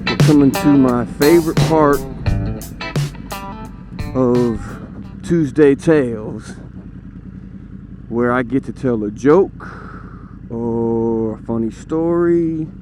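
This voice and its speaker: A man motovlogging from his motorcycle, chatting casually in an unhurried way and telling a joke into a helmet camera mic. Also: mid-range voice, over music. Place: outdoors on a motorcycle. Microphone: helmet-mounted camera mic.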